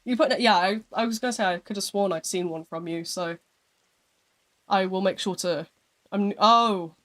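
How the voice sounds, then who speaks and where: A live streamer with a medium-pitched, fairly bright voice chats casually with viewers at a moderate pace. The talk rambles a bit, and gaps get filled with plenty of "like" and "um."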